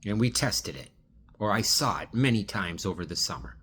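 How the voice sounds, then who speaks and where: A man's voice: fairly low pitch, animated, moderate pace, a bit bright, a little hiss or hum. A man speaking straight to one absent person in a rambling, pleading video monologue. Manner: rambling, restarts and trails off. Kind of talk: direct-address video monologue.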